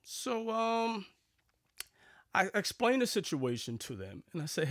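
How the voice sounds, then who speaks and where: Speaking to camera, a man rambles through a sarcastic, chatty vlog, constantly using fillers and starting over. His mid-range, fairly bright voice is animated and moderately paced. The sound is clean studio audio with no room sound.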